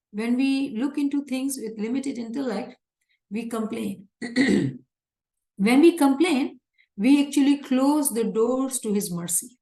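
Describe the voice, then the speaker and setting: A woman with a voice on the high side and a darkish tone gives a religious lecture explaining scripture, heard in a reverberant space. She teaches earnestly and emphatically, often repeating her points.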